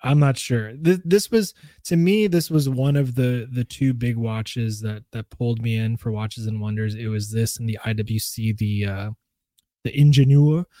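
A man co-hosting a podcast in casual chat, relaxed and enthusiastic, with frequent restarts and trailing phrases. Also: mid-range voice, moderate pace, no echo. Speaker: podcast co-host.

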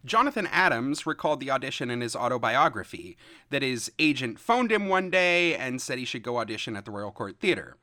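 A man hosting a podcast, narrating history in a lively storytelling way and reading out quotes. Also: mid-range voice, fairly quick, no echo. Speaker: podcast host. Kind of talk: scripted narration with banter.

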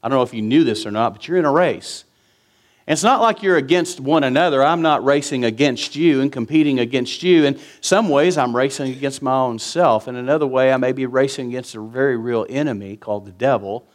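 A man's voice: mid-range voice, fairly quick. A man, preaching a sermon in an earnest, conversational way with emphatic repetition. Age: 50s. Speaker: pastor.

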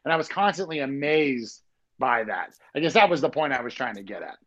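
A man's voice: medium pitch, animated, a little fast, fairly bright tone, lo-fi sound. A man hosting a casual podcast chat, talking in loose, rambling sentences full of "like".

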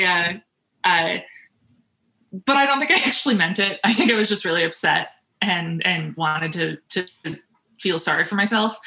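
A woman's voice: fairly low pitch, creaky, bright, forceful tone. A woman, a writer on a panel, chatting over a video call and laughing often as she talks. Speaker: panel guest, author. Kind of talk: casual panel conversation.

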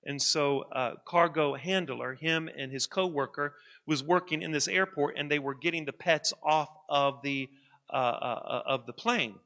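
A pastor preaches a sermon from the pulpit in a high, ringing, bright voice at normal speed. He is emphatic, hammering his points home and repeating key lines for weight, while a long church-hall reverb trails his voice.

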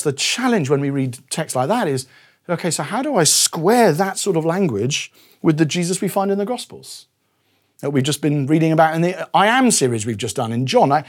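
A man preaching a sermon with earnest conviction, often quoting scripture and acting out imagined speakers in a hushed voice. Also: a little high, husky. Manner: earnest, drops to a hushed voice for acted quotes.

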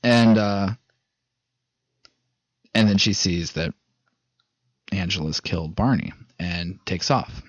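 A low-voiced man chatting loosely through a film's plot, rambling and cursing as he acts out the scenes. The recording is dull and lo-fi, with a dry, close sound. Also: slow pace, pauses often, dry recording. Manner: rambling, swearing, quoting characters in retellings. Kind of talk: casual movie recap chat.

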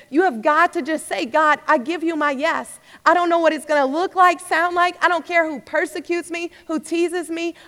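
A woman's voice: high voice, fairly bright tone. A young woman preacher giving a fervent sermon testimony, rising to urgent exhortation. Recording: long hall reverb.

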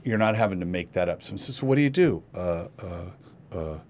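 A man's voice: deep voice, lively intonation, normal speed, slight background noise. A man hosting a casual interview podcast, rambling with many restarts. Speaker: podcast host.

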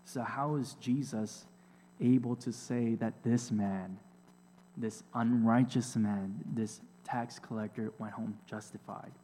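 A man preaching a sermon, slow and deliberate, with emphatic repetitions and rhetorical questions. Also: medium pitch, fairly even intonation, mellow, slight background noise. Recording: long hall reverb.

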